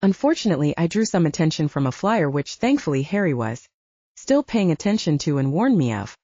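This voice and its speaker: A woman narrating a first-person fantasy audiobook in a lively storytelling manner. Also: fairly low pitch, no echo. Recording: dull, dry, lo-fi.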